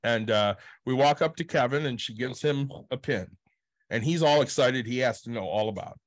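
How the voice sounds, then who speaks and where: A man's voice: medium pitch, normal speed. A man casually telling a long convention story as a podcast co-host, acting out quotes and swearing freely.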